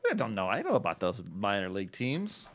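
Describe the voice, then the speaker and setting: A man co-hosting a casual podcast, bantering with quick interjections and frequent laughter. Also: lowish voice, wildly swooping pitch. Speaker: podcast co-host. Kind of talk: casual chat.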